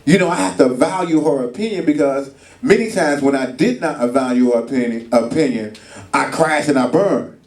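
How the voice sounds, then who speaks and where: Medium in pitch and darkish in tone, a man delivers a sermon at normal speed in a church retreat hall for married couples. He spins casual, colloquial stories and acts out voices, while the distant mic catches the room's echo.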